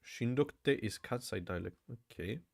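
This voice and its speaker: A man's voice: lowish voice, lively intonation, quick pace, vocal fry. Chatty man repeating words aloud. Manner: thinks aloud, repeats words, says "bro" often. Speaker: language learner vlogger. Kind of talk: casual study vlog.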